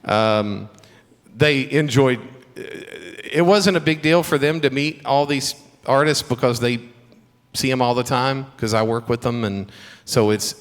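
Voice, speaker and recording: A middle-aged man with a Southern accent giving a chapel talk to students, telling stories with humor and encouragement. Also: medium pitch. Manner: warm storytelling with humor and faith encouragement. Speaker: guest speaker at a school chapel. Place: school chapel. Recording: long hall reverb.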